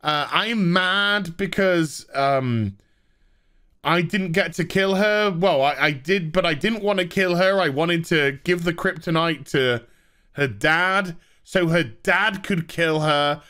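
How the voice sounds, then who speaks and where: A man's voice: on the high side, slow pace, pushed and bright, clear, resonant tone. A man mocking a whiny unhinged villainess.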